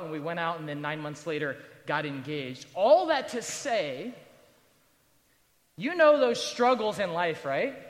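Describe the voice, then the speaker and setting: A pastor in his thirties stands at the altar of a large university chapel, giving students a sermon that is conversational and joking, full of rhetorical asides. His voice sits high and slightly bright, with a long reverb tail.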